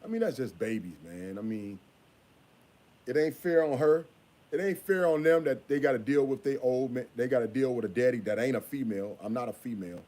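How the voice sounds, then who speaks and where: A father talking casually in a vlog, repeating himself and scolding in a drawn-out way. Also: medium pitch, animated, a little mellow.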